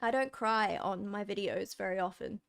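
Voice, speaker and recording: A woman's voice: medium pitch, normal speed, creaky, clean tone. A woman hosting a music reaction video in a chatty, openly emotional way, talking straight to her viewers. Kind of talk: casual reaction commentary.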